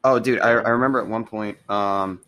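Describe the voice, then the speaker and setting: A man's voice: lowish voice, steady tone, a little fast, sharp tone. A young man co-hosting a podcast, laid-back and profane, agreeing with short replies and telling job stories. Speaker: podcast co-host. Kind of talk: casual chat.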